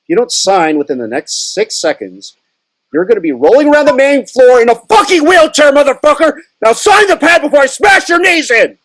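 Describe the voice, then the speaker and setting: A man's voice: a little high, very animated, normal speed, breathy edge, poor audio. A man reading the part of a menacing, bullying male warehouse guard in a screenplay table reading, barking clipped orders and profane threats. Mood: shouting threats. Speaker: script reader.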